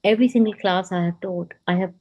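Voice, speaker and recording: A middle-aged woman from India, a guest on a video-call interview, telling her story in a casual, animated way and acting out what people said. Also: medium pitch, quick pace, rough recording. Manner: animated, re-enacts quoted dialogue with "I'm like".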